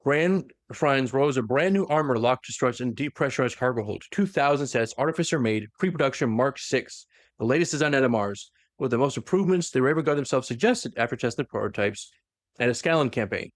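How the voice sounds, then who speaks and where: A man's voice: mid-range voice, no echo, studio quality. A man casually retelling a story on a podcast, animatedly acting out the characters' lines. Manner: animated, acts out characters' lines in quick voices. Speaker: podcast co-host retelling a novel. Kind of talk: casual lore recap chat.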